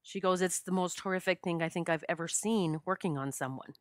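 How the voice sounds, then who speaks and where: Middle-aged woman host, low voice, dry close mic, heartfelt personal storytelling. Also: a little fast, no room sound. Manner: heartfelt, gets choked up and emotional. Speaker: podcast host.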